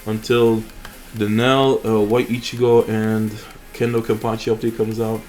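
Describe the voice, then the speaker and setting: A man's voice: on the low side, little pitch movement, unhurried, darkish tone. A young man hosting a mobile game channel, chatting casually and rambling with fillers and restarts over his gameplay.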